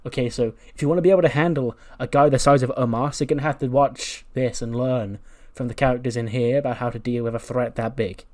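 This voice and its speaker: A man voices a bossy male wrestling mentor giving instruction with total confidence. The tone is plain and middle-pitched, close to the performer's own. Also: steady tone, fast talker, hardly any pauses, darkish tone, natural voice. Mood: instructive.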